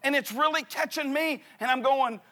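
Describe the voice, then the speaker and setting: A man preaching a sermon through an animated, comic personal story. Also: extremely high pitch, normal speed.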